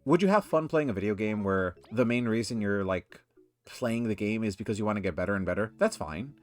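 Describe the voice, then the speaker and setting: A man's voice: on the low side, a little fast, soft background music. A man giving casual gameplay commentary, rambling and ranting in exasperation. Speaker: let's play commentator.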